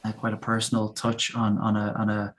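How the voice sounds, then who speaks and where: A man with a soft Dublin Irish accent, chatting casually as a guest teacher over a video call, explaining things at length and laughing easily. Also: lowish voice, completely flat delivery, a little fast. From Ireland. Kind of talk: casual live-stream chat.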